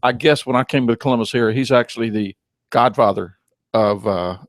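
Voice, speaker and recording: A man co-hosting a talk show, chatting in an easygoing, halting way. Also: medium pitch, dry recording, studio quality. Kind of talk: casual talk-show chat.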